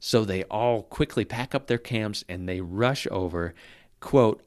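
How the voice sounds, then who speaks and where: Male podcast host, low-pitched, relishes old newspaper quotes; dry recording. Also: measured pace, darkish tone, no echo. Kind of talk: casual storytelling about history.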